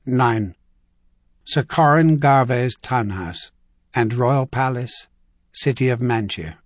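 A man's voice: mid-range voice, slow, no room sound. Man narrating an audiobook, dry sound. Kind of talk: scripted narration.

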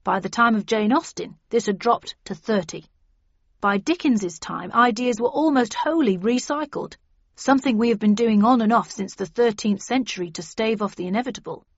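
An earnest male official in an audiobook lays out his case in a steady, lecturing way, voiced by a woman narrator. The recording is dry and a little dull, with no room sound. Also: fairly high pitch, normal speed, dry recording. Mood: explaining. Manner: earnest, explanatory. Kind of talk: audiobook character reading.

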